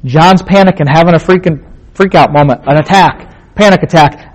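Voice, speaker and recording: A man's voice: fairly high pitch, moderate pace, rough recording. A man teaching a Bible passage in a casual sermon, asking rhetorical questions and repeating points for emphasis in plain, conversational words.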